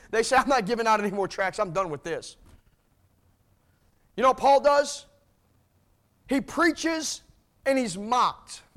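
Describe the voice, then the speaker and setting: Male preacher, very high voice, emphatic and repetitive sermon delivery. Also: fairly bright tone. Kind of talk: sermon with scripture reading.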